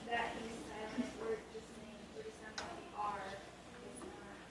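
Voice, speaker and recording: A woman's voice: mid-range voice, monotone, a little slow. A woman attending a teacher workshop, asking hesitant questions from the audience. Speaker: workshop participant. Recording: echoey room, distant mic, noisy.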